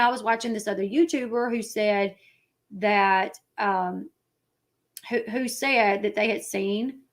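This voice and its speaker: A woman's voice: mid-range voice, fairly bright tone. Woman host, Southern country accent, chatty livestream commentary, rambling delivery. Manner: chatty, rambling, acts out quoted people. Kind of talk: casual livestream chat.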